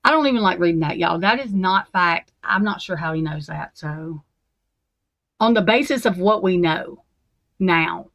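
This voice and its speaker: A woman's voice: mid-range voice, normal speed, pauses often, a bit bright, no room sound. A woman at her desk at home, ranting angrily and swearing as she reacts to true crime documents. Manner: angry, profane ranting.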